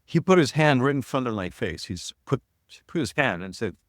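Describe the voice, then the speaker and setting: A man's voice: mid-range voice, animated, normal speed, no echo, clean studio sound. A man in his sixties telling personal stories as an interview guest, earnest and reflective, often restarting his sentences. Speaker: guest, shamanism teacher.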